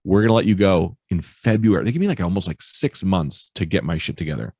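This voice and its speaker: A male stand-up comedian telling stories in a casual interview, animated and swearing freely. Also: sits low, fast talker, husky, no echo, studio quality. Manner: animated storyteller, swears freely, acts out quoted voices. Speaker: stand-up comedian, podcast guest.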